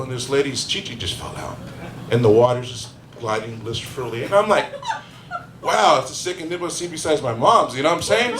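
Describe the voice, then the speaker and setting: A man's voice: a little high, fairly bright tone, slight background noise. A man doing a stand-up comedy set, telling crude rambling stories and acting out the people in them. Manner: crude, rambling storytelling with voiced characters. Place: live comedy venue. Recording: echoey room with faint ambience.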